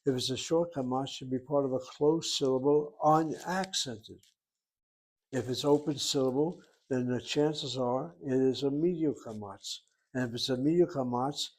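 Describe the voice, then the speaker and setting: A man's voice: mid-range voice, normal speed, darkish tone. A man teaching a Hebrew grammar lesson, working through each word step by step and reasoning aloud as he goes. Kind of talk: grammar lecture.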